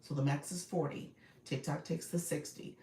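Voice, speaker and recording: A woman's voice: deep voice, fairly even intonation, normal speed, warm tone. A woman hosting a casual live stream, greeting viewers by name and chatting, with many fillers and laughs. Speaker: live stream coach and host. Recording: roomy, distant phone audio with faint noise.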